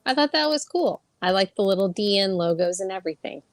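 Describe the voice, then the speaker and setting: A woman's voice: medium pitch, animated, fast, no room sound. Playful woman co-hosting a podcast. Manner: playful, teasing, laughs often. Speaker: podcast co-host. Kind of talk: casual chat.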